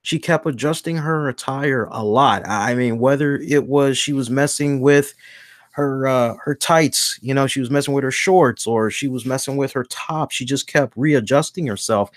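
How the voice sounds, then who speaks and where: A man hosting a wrestling review show in a casual chat, animated and acting out the voices he quotes. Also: medium pitch, moderate pace, no echo, studio quality.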